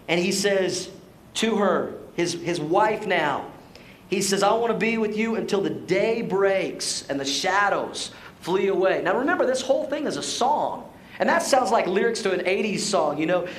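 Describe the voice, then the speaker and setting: High-voiced joking preacher in echoey church. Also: male voice, a bit bright, slight background noise. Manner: playful, joking, emphatic preaching. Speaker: pastor. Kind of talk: sermon. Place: church sanctuary.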